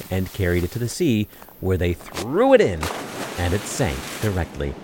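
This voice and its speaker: A man narrating a fairy tale in an expressive storytelling style, with wry asides. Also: on the low side, noisy background.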